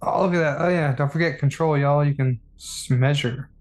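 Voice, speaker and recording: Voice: mid-range voice, fairly quick. A player in an online tabletop game, making sarcastic, blunt jokes and swearing now and then. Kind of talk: joking banter over a tabletop game.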